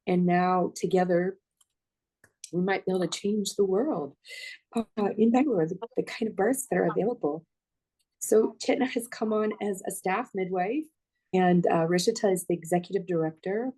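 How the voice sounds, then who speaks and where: A woman's voice: fairly low pitch, warm tone, husky. A woman midwife speaking at a parents' panel, heartfelt and a little teary as she talks. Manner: emotional, heartfelt, slightly teary. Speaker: midwife, clinical director. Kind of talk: panel discussion remarks.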